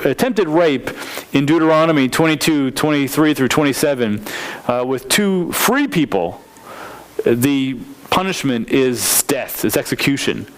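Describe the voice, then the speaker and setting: A man preaching, teaching a Bible passage verse by verse, reading scripture slowly and stopping to explain and restate his points. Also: mid-range voice. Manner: reads scripture slowly and deliberately. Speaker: pastor.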